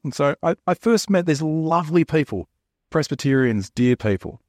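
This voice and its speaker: A man's voice: on the high side, expressive, normal speed, a little mellow, no room sound, clean studio sound. A man with an Australian accent preaching a sermon, telling stories and jokes in a chatty, conversational way. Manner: chatty, joking storyteller. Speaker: pastor.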